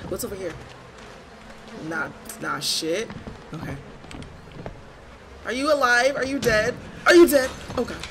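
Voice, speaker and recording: A woman's voice: medium pitch, sing-song, unhurried, pauses often, background noise. A woman giving let's-play commentary, jumpy and swearing, who shrieks when she gets scared. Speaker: gamer.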